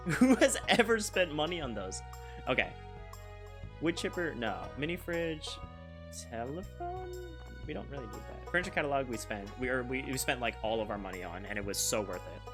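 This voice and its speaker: A man's voice: medium pitch, sing-song, normal speed. A young man chatting casually while streaming a video game, rambling and restarting his sentences and laughing often. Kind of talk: casual live-stream chat while gaming. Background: game music.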